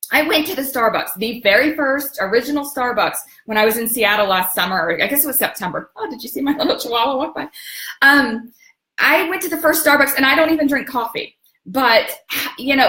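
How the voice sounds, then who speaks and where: A fairly high-pitched woman talks in a loose, rambling way and keeps stopping to hunt for the right word. She is chatting casually with her viewers about travel as the host of the segment. Her voice carries a noticeable roomy echo. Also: bright, forceful tone. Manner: chatty and rambling, often searching for words. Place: home in Atlanta.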